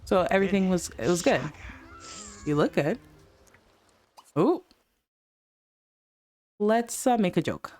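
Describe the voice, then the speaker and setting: A woman's voice: medium pitch, animated, takes it slowly, long pauses, darkish tone. Brief: talkative woman gamer, laughs easily, narrates her sims in loose chat. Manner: chatty, giggly, voices the characters' lines. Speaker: let's play host. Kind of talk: casual gameplay commentary.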